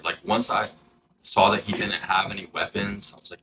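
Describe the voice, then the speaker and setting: A young man with a slightly hoarse voice, telling an animated story in casual chat and acting out the shouting. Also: fairly low pitch, moderate pace, background noise. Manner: animated, acts out shouted quotes. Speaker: drive-thru coffee shop worker telling a story.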